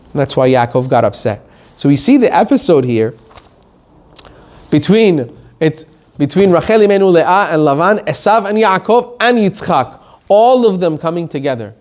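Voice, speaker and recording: A rabbi giving an animated Torah lesson, reading quotes and explaining them in plain English. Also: male voice, on the high side, normal speed.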